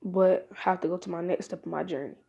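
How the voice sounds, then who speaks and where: A headstrong young male ninja speaks up, read by a woman retelling a fan story. The voice stays close to an everyday speaking voice, with a touch of gravel in it. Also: lowish voice, steady tone, a little fast, lo-fi sound, voice pushed down. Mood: calm. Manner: plain storytelling voice for quoted lines.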